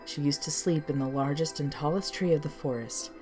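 Low-voiced woman storyteller. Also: fairly even intonation, a little fast, over music. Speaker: storyteller and author. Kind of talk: storybook narration.

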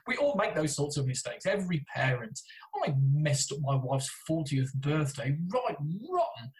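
A middle-aged man with a British English accent, a therapist who also podcasts, speaks at a moderate pace in a slightly high voice. Interviewed on a low-quality recording, he shares frank stories at his own expense, chatting freely and restarting often.

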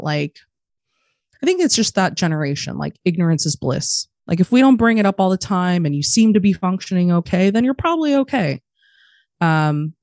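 A woman's voice: sits low, darkish tone, no room sound, studio quality. A woman in her thirties, a podcast guest talking casually and bluntly, swearing often. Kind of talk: casual interview talk.

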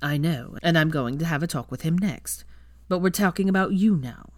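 A woman voicing a patient father who speaks firmly and measured to children. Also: deep voice, dry recording, studio quality, natural voice. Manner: firm and measured. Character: patient firm young dad, man.

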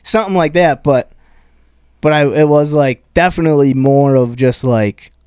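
A man's voice: on the high side, normal speed, a little mellow, smooth, no room sound, clean studio sound. A man, a stand-up comedian, telling a rambling, profane story in casual chat.

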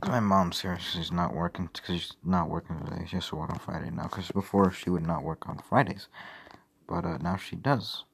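A man's voice: low voice, steady tone, moderate pace, vocal fry, a little hiss or hum. A young man rambling casually and profanely on a livestream, with mumbled asides. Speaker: streamer.

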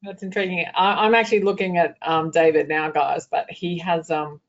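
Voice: mid-range voice, steady tone, moderate pace, highs cut off. Chatty interviewer. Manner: chatty, thinks aloud with "um". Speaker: interviewer, accountant and coach. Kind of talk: conversational interview.

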